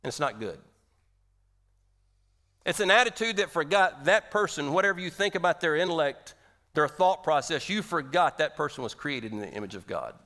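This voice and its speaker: A male pastor giving a sermon in a conversational, animated way, asking the audience rhetorical questions. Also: fairly high pitch, normal speed.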